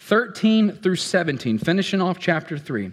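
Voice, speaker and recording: A fairly high-voiced man preaches to his congregation, bantering and asking them questions as he goes. His voice rings out in a large church hall with a long reverb tail. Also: very animated, normal speed. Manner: conversational, playful, addresses congregation directly. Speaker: pastor. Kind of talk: sermon. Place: church sanctuary. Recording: echoey hall.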